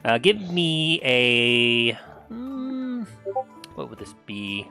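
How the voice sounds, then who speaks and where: A man's voice: medium pitch, very animated, extremely slow, creaky, pushed and bright, faint music behind. A man narrating a tabletop game as game master, rambling with many fillers.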